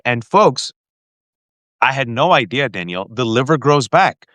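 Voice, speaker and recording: Male host, mid-pitched, dry close sound, emotional storyteller who restarts often. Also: moderate pace, no room sound. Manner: animated, emotional, frequent restarts and direct address to the guest. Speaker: podcast host. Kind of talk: heartfelt personal storytelling to a guest.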